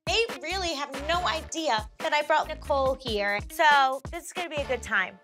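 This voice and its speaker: Excitable high-voiced New Jersey woman. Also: moderate pace, music in the background. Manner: excitable, swears, laughs often. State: pregnant. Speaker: reality show cast member. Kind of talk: casual chat and confessional.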